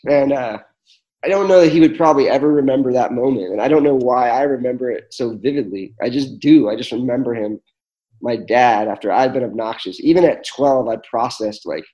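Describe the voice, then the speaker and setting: A man tells reflective stories as an interview guest. His voice is warm and mellow. He speaks earnestly, with plenty of fillers and restarts. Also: mid-range voice, a little fast, highs cut off. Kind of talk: reflective storytelling in conversation.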